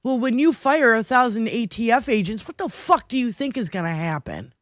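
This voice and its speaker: A woman's voice: a little high, animated, a little fast, dry recording, clean studio sound. A woman co-hosting a casual political livestream, swearing heavily as she rants and often breaking into laughter. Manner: profane, ranting, laughs often. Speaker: livestream co-host.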